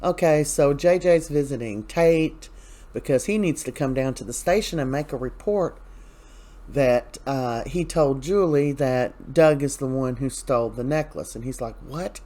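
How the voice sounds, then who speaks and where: Casual male recapper, mid-pitched, chatty and opinionated, loose scene retelling. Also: unhurried, warm tone. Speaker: soap opera recap host.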